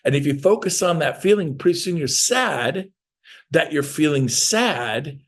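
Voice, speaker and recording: Middle-aged man, gravelly, emphatic motivational speaker with loud peaks. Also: a little high, a little slow. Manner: animated, emphatic, swings to shouted bursts. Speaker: motivational speaker for real estate agents. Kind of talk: energetic motivational talk.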